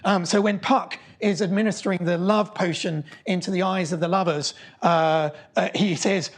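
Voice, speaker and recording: A man's voice: sits high, steady tone, moderate pace, hardly any pauses. A middle-aged man gives a public talk in a lecture hall. He speaks with eager enthusiasm, often stumbling and restarting as he builds up each story. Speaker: mathematician giving a public talk. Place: lecture hall before an audience.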